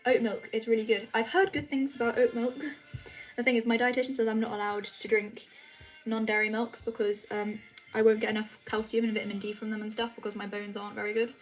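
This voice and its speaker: A woman's voice: fairly high pitch, level tone, fairly quick, soft background music, rough recording. A British woman chatting casually on a live stream, reading out viewer comments and answering them in a chatty, apologetic way. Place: home, at night.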